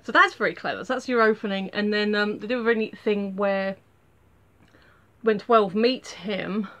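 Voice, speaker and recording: A woman talks through her thoughts in a relaxed, unscripted review. She rambles and circles back, with plenty of fillers and restarts, and her pitch sits in an ordinary middle range. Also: moderate pace. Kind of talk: casual spoken review.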